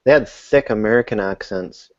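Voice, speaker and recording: A man's voice: fairly low pitch, moderate pace, no room sound, lo-fi sound. A man from Canada chatting easily on an online panel with a wry touch. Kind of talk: casual panel chat. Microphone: video call.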